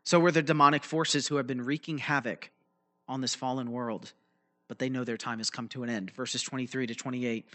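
In a brisk, sharp, medium-pitched voice with a steady tone, a man delivers a teaching sermon that loosely explains a Bible passage. He checks in with the listeners through repeated "right?" and "okay?", and his speech is loose, with fillers and restarts.

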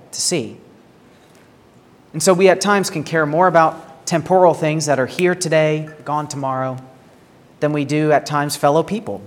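A pastor preaching a sermon in an earnest way, asking rhetorical questions and often repeating words as he starts a phrase. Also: a little high. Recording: long hall reverb.

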